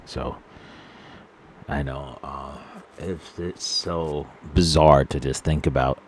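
A man speaking in an unscripted personal monologue, solemn and earnest, halting often with fillers and restarts. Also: very deep voice, steady tone, a little hiss or hum. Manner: earnest, sorrowful. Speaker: vlogger.

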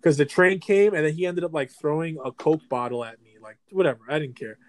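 A man's voice: a little high, brisk, no room sound. Young New man spinning a story. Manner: animated storytelling with repeated restarts. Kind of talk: casual storytelling chat.

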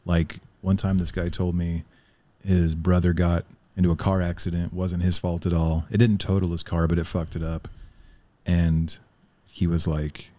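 A man's voice: sits low, flat delivery, a little fast, mellow, dry recording. A man in casual chat, rambling and profane, laughing often and telling stories about life in China. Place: lives in China.

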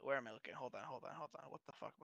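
A young man co-hosting a casual podcast, telling stories in an animated, profane way with frequent restarts. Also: medium pitch, racing, vocal fry, no room sound, muffled recording. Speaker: podcast co-host. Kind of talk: casual chat.

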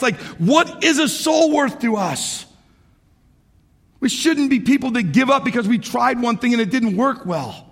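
Animated preacher man in an echoey hall. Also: extremely high pitch. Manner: animated, swings from shouting to hushed. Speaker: pastor. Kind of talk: sermon.

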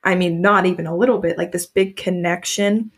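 A woman's voice: fairly low pitch, steady tone, fairly quick. A young woman co-hosting a podcast, candidly telling a personal story in casual chat. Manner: candid, emotional storytelling with frequent "like" fillers. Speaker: podcast co-host.

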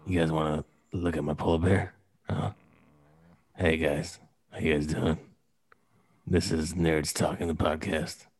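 A man putting on the voice of a creepy, leering adult man, talking low and hushed. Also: little pitch movement, measured pace, pauses often, full character voice.

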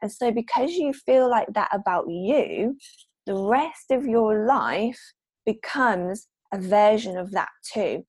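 Woman podcast guest, confident and emphatic, middle pitch, dead dry sound. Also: lively intonation, slow, a little mellow, breathy edge, no room sound. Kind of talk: casual podcast conversation.

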